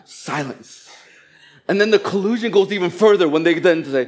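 A man preaching a sermon, animated and humorous, acting out quoted voices of people for laughs. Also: sits high, moderate pace, a crowd in the background. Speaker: pastor.

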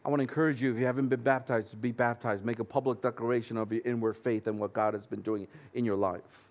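A man's voice: medium pitch, steady tone, quick pace, hardly any pauses, darkish tone. A man pastor preaching a sermon in an earnest, conversational way with light humorous asides.

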